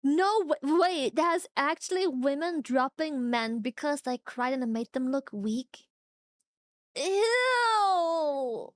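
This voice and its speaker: A young woman streaming, chatting casually with viewers, animated, swearing often and laughing a lot. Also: high voice, measured pace, hardly any pauses, no room sound, clean studio sound. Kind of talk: casual chat reacting to viewers.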